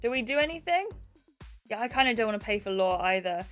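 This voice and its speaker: A woman's voice: on the high side, animated, quick pace, a bit bright, faint music behind. Chatty woman streaming a game. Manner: chatty, scatterbrained asides and giggles. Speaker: gaming streamer. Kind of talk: live gameplay commentary. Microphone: webcam setup at a desk.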